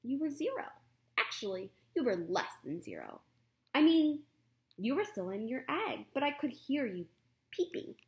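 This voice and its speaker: Roz, a woman doing a gentle robot mother. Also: high voice, huge pitch swings, moderate pace, pitched above the performer's own voice, heavily acted. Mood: reassuring.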